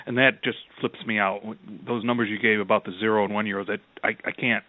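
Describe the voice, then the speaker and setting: A man's voice: on the low side, little pitch movement, fast talker, dry recording. A man hosting a radio talk show, speaking in an emphatic, indignant way. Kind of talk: radio interview. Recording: tinny phone-like audio.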